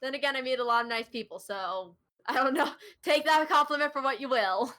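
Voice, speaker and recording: A woman's voice: high voice, brisk, a bit bright. A woman hosting a casual chat, talking about a creator she admires with eager, giggly enthusiasm. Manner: enthusiastic, giggly fan talk. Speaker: host.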